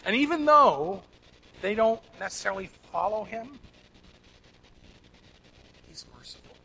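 Male pastor, high bright voice, earnest emphatic sermon delivery, faint noise behind. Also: lively intonation, measured pace, vocal fry, poor audio. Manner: earnest, emphatic preaching with swings between loud and soft.

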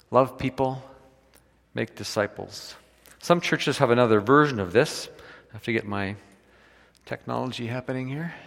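Male pastor preaching in a reverberant hall. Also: fairly low pitch. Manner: informal, conversational preaching with asides. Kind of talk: sermon. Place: church hall.

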